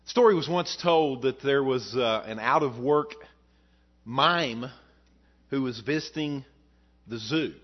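A man's voice: mid-range voice, slow, pauses often. A male pastor preaching a sermon to his congregation, telling a story in a folksy way with frequent fillers. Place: church service before a congregation. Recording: dull lo-fi sound.

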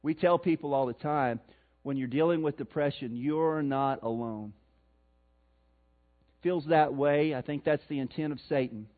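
A man with a Missouri accent preaching a sermon, swinging between loud emphasis and soft, slow passages. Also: fairly high pitch. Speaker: pastor. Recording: tinny phone-like sound.

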